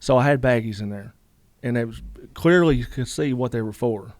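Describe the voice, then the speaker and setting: A man's voice: mid-range voice, brisk, a little mellow, dry recording. A man, a guest telling a long story in a casual interview, rambling with lots of "you know" asides.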